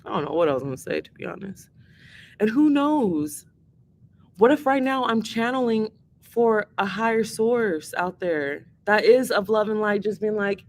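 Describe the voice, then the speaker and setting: A woman's voice: medium pitch, measured pace. A woman hosting a livestream and taking song requests, talking in a rambling, earnest way and swearing freely. She is emotional and teary-eyed. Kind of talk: casual livestream chat.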